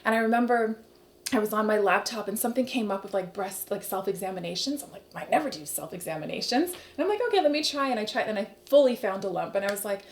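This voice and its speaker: A woman in her thirties, a podcast guest telling her own story candidly, animated and acting out the voices of people she quotes. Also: medium pitch, quick pace. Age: 30s. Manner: animated, acts out quoted voices, laughs often.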